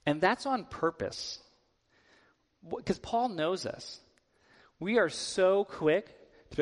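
A man with a fairly high voice preaching a sermon in a church, relaxed and conversational and full of casual filler words. His voice rings out with a long reverb. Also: slow pace, long pauses. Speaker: guest preacher. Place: church sanctuary.

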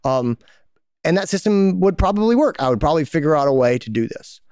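A man's voice: fairly high pitch, animated, fairly quick, a little mellow, smooth, no room sound. Chatty male podcast co-host, dry sound. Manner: conversational, spins little hypothetical stories. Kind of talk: casual advice chat.

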